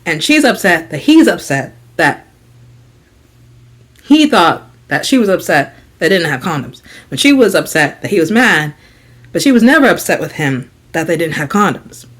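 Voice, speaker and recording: A woman's voice: fairly low pitch, moderate pace, slightly rough. A young woman vlogger telling a storytime tale, frank and gossipy, swearing freely and acting out quotes. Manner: animated storytelling with acted quotes. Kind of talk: storytime vlog.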